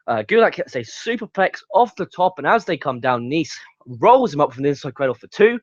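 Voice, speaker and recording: Young male reviewer, high voice, profane ranting recap, dry lo-fi sound. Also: sing-song, a little fast, hardly any pauses, no room sound. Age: young adult. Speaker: wrestling show reviewer. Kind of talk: casual review monologue. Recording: dull lo-fi sound.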